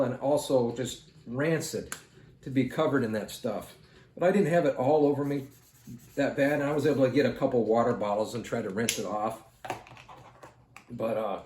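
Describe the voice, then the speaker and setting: A man with a medium-pitched, slightly mellow voice draws for his art channel and spins a rambling story, talking straight to viewers in a relaxed, chatty manner. He's indoors at home, and the audio carries a roomy echo and faint noise.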